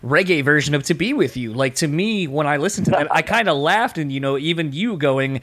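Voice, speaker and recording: A man's voice: fairly high pitch, animated, a little fast, fairly bright tone. A man hosting a music interview show, talking casually and leaning hard on fillers as an enthusiastic fan. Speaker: podcast host.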